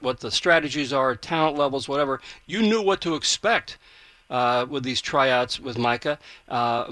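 A man's voice: a little high, sharp tone, no room sound. A man hosting a radio interview, asking long, rambling questions full of restarts. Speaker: radio host.

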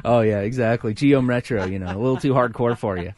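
A man's voice: medium pitch, a little mellow. A man hosting a local music radio show, chatting casually with a band in the studio and filling his talk with many "uh"s. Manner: halting, many filler words. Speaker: radio host.

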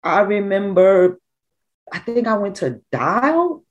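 A woman's voice: mid-range voice, slow, muffled recording. A middle-aged woman, a bereaved mother, telling her story in raw, emotional testimony. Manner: raw, emotional storytelling with animated quoted voices. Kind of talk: personal testimony.

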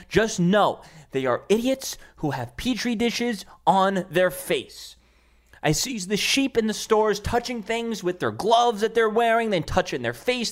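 A young man with a New York accent rants on his podcast, his voice pitched high for a man. He is heated, profane and combative, and now and then he bursts into shouting. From Staten Island, New York. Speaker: podcast host. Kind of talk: opinionated podcast rant.

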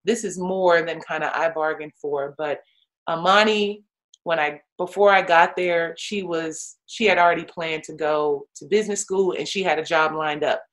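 A woman's voice: normal speed, low-quality recording. A woman, a retired pro athlete turned coach, telling a story casually with lots of "like" and "you know" fillers. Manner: animated, acts out others' voices with big pitch jumps.

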